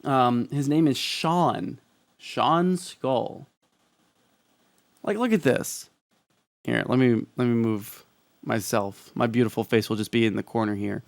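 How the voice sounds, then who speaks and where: A man's voice: mid-range voice, slow, gravelly, long pauses, no echo. A young man giving casual political commentary as a streamer, profane and ranting, with many restarts.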